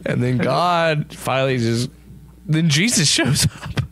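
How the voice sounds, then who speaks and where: A young man co-hosting a comedy talk show, rambling through a profane movie pitch with lots of laughter. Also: expressive, slow, fairly bright tone. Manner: rambling, laughing, profane storytelling with acted quotes. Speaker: podcast co-host pitching a movie. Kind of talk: casual comedic chat.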